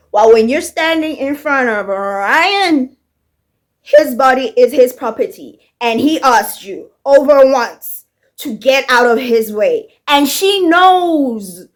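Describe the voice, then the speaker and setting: A woman's voice: high voice, animated, measured pace. A woman giving a heated, profane rant about a TV finale, firing off rhetorical questions as a commentator. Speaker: TV show commentator. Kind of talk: casual ranting review.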